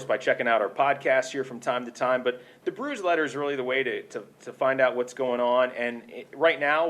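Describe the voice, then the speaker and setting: A man's voice: mid-range voice, fairly bright tone. A man hosting a podcast in casual chat, joking and chatty with lots of fillers. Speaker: podcast host.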